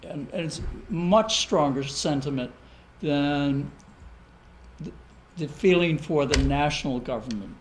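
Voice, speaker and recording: A man, a village trustee, speaking haltingly with many fillers at a public budget meeting. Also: on the high side, slight background noise, rough recording. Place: council meeting room.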